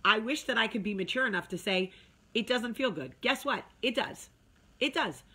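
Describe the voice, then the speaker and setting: A woman's voice: on the high side, moderate pace, sharp tone, breathy edge. A woman hosting a casual talk video, chatty and emphatic, talking straight to her viewers. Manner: chatty, emphatic, with sung asides. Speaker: vlog host.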